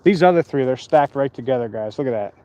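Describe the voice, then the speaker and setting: A man's voice: medium pitch, lively intonation, quick pace, warm tone, muffled recording, a little hiss or hum. A tired man hosting a casual live stream outdoors at night, rambling and chatting with his viewers.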